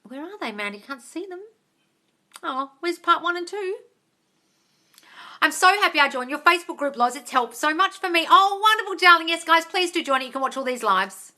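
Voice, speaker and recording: Bright, chatty Australian woman. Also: very high voice, expressive, normal speed. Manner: chatty, calls viewers darling, swears casually. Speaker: manifestation coach host. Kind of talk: live-stream Q&A, reading comments.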